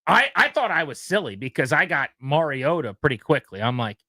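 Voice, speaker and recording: A man hosting a sports radio show, talking in a casual, animated way and often mimicking other people. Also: a little high, brisk, dry recording.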